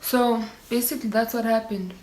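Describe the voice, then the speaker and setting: Young South African woman vlogger, casual storytime delivery with Zulu slang mixed in, a touch high-pitched, roomy echo. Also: normal speed. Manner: animated storytelling with Zulu slang and mimicked voices. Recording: echoey room.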